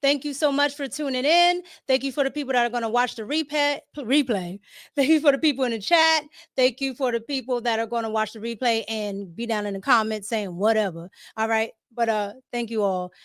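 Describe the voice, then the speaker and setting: Woman host, D.C. accent, slightly high voice, chatty and laughing with her chat. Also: brisk. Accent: Washington D.C. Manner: chatty, greets viewers by name, laughs often. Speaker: podcast host. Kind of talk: casual livestream chat.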